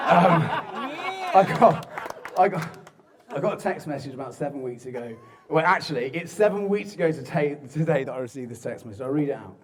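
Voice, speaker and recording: A young man from giving a joking, self-mocking groom's speech at a wedding reception, often breaking into laughter. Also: medium pitch. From southern England. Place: wedding reception hall with guests. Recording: crowd noise of a reception. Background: guests laughing and chatting.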